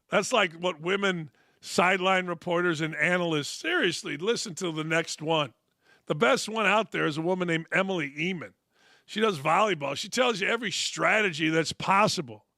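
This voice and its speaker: A man's voice: sits high, normal speed, gravelly, sharp tone, no room sound, clean studio sound. A male sports talk show host delivering a blunt, profane, opinionated monologue full of sarcastic asides. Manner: brash, blunt, profane ranting; mocks others with sarcastic put-on quotes.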